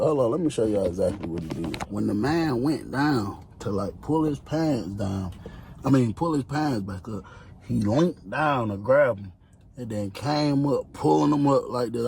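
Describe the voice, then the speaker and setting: A man telling a prison story in a casual, slangy, animated way. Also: medium pitch, gravelly, slight background noise. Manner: animated, slangy, acts out quotes.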